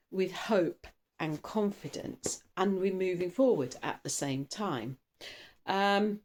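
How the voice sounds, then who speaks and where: A woman's voice: fairly low pitch, a little mellow. A woman giving a casual tarot reading, chatty and rambling, trailing off and restarting, with caffeinated bursts of speed. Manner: buzzy from coffee, bursts of speed. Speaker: tarot reader.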